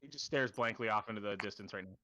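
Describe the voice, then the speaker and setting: A man's voice: fairly low pitch, fast, sharp tone. A man narrating as game master for a tabletop game, rambling with many fillers, on a dull lo-fi recording.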